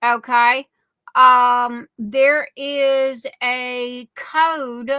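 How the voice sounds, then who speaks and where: Woman livestream host, high bright voice, chatty and affectionate, dry close sound. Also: fairly even intonation, very slow, clear, resonant tone, no room sound, low-quality recording. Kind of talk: casual livestream chat.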